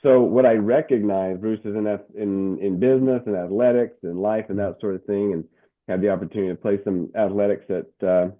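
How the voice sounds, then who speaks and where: A middle-aged man, a motivational speaker and coach, telling his story as an interview guest, animated and restarting his words often. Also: on the low side, a little fast. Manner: animated, stumbling restarts and word repeats. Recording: tinny phone-like line.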